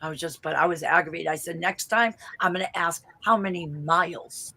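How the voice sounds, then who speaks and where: A woman with a thick Boston accent telling stories in a casual video-call chat, animated and blunt, swearing and laughing often. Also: fairly low pitch, brisk, vocal fry, very noisy. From Boston area, US. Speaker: interview guest.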